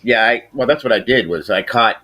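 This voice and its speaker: A middle-aged man hosting a casual podcast, telling a rambling, profane story and getting animated when he quotes people. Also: mid-range voice, brisk. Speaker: podcast host.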